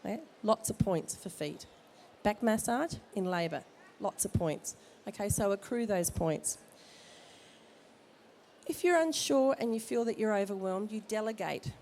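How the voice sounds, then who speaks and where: Her voice is mid-range and a little mellow, with lively intonation and a slightly slow pace. She's a midwife with a cold, giving expectant parents jokey, frank advice in an informal talk at a baby expo, set in an expo hall with slight background noise.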